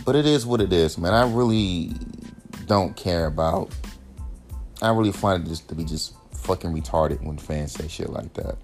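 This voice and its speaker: A man's voice: normal speed, soft background music. A man in his thirties hosting a podcast, ranting with heavy profanity and mocking critics. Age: 30s. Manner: profane, animated, mocks critics in high sneering voices. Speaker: podcast host. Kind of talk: ranting monologue.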